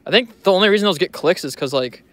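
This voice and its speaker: A man's voice: high voice, expressive, fast talker, fairly bright tone. A young man vlogging in a casual, joking, rambling way who swears freely. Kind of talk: casual rambling vlog commentary.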